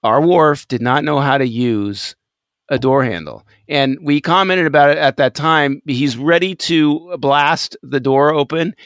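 Animated man retelling an episode. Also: on the high side, measured pace, clear, resonant tone, no echo, studio quality. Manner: animated storytelling, frequent laughs. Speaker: podcast co-host. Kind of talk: casual chat.

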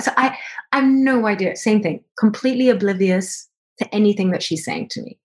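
A woman guest on a podcast recounts a personal story in an animated way. She acts out remembered conversations, and her voice leaps up high when she quotes people. Her pitch sits in the middle for a woman. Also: fast talker.

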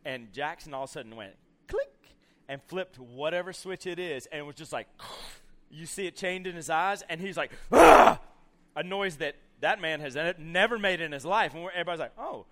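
A young man with a drawl preaches to a camp crowd through a long, playful story. His voice sits a little high and rings bright and forward, and he keeps acting out the scenes between casual "you know"s. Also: fairly quick. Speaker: camp speaker. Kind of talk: storytelling sermon to youth.

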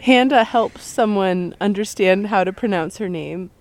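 A woman's voice: medium pitch, a little slow, darkish tone. A young woman hosting a podcast with a head cold, chatting casually in a rambling, playful way with lots of giggles and wordplay. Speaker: podcast host. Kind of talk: casual chat.

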